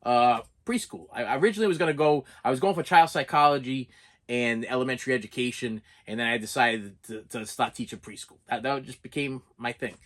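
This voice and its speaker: This is a middle-aged man speaking in an emotional, personal vlog monologue. He falters, repeats his words and pushes his voice higher when something upsets him. His pitch is ordinary for a man. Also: brisk, fairly bright tone. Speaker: movie collecting channel host.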